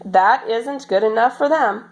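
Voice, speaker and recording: A woman voicing a bold, cheerful, strong little girl in a storybook reading, with a bright, playful, exclaiming manner. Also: fairly high pitch, measured pace, voice pushed up, low-quality recording.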